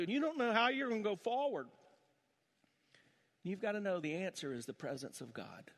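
A middle-aged man preaching a sermon, telling a family story and building to impassioned preaching. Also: high voice. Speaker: pastor. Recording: long church hall reverb.

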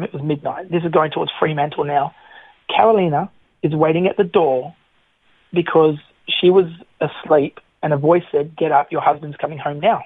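Middle-aged man, radio guest, animated storyteller, somewhat high voice, tinny phone-line sound. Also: husky, no echo. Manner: animated, chatty, frequent restarts. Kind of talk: personal testimony storytelling.

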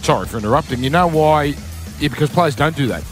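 An Australian male radio host with a slightly raised voice, teasing his co-hosts and moving the show along. The chat is casual and quick, with faint music low in the studio. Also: animated. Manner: playful, teasing, steers the segments. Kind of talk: casual sports radio banter.

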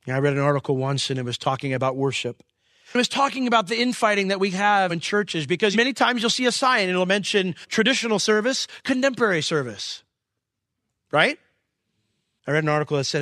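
A man's voice: a little high, a bit bright, dry recording, clean studio sound. Earnest man preaching a sermon. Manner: earnest, building to impassioned peaks. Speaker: pastor.

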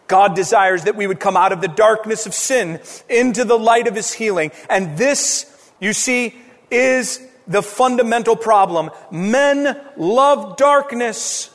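A male pastor preaching an impassioned sermon, swinging from raised emphatic lines down to hushed, quiet ones. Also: high voice, unhurried, long reverb tail. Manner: impassioned preaching with sweeping rises and hushed drops.

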